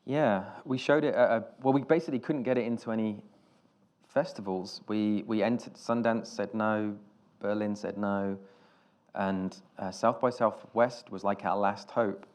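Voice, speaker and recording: A British film director telling stories on stage in an interview, rambling and self-deprecating, with many restarts. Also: male voice, fairly low pitch, steady tone, moderate pace, darkish tone. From Britain.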